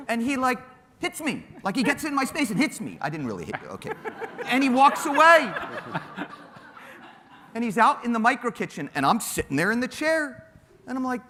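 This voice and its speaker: A man telling an anecdote on stage, animated and laughing as he goes. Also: high voice, moderate pace. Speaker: storyteller on stage. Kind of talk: animated anecdote told to a live audience. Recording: hall reverb, faint hiss.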